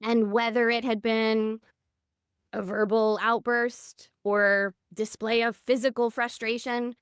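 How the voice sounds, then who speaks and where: A woman's voice: on the high side, flat delivery, takes it slowly, clear, resonant tone, dry recording, studio quality. A woman in her thirties, a podcast guest telling personal stories in an earnest, candid way. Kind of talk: reflective interview conversation.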